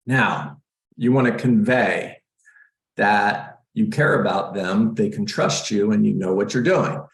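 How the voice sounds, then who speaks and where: Lower-voiced middle-aged male coach, upbeat and joking, recorded in a roomy space. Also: a little slow. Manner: energetic, joking, acts out scripts. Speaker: real estate coach. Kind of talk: live training session, coaching agents.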